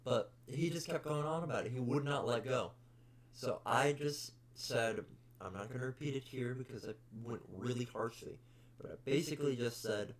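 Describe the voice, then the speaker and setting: A man's voice: mid-range voice, moderate pace. A young man hosting a casual podcast, bluntly ranting about customers with plenty of swearing. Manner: blunt, profane, exasperated. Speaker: podcast host. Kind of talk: casual storytelling rant.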